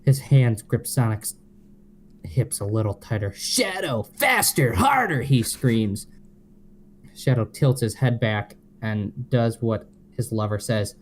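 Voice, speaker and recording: Podcast co-host, man, deadpan slow reader, low voice. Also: a little hiss or hum. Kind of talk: reading fanfiction aloud, casual chat.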